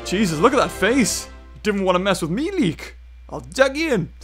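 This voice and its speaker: A man's voice: high voice, big pitch swings, moderate pace, faint music behind. A man voicing a drunken, boastful brawler who slurs taunting threats.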